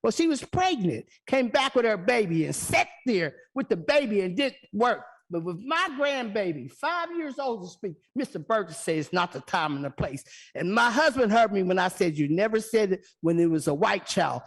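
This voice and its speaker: A woman's voice: mid-range voice, big pitch swings, normal speed, few pauses, breathy edge. An older woman giving an impassioned, accusatory public comment at a city council meeting.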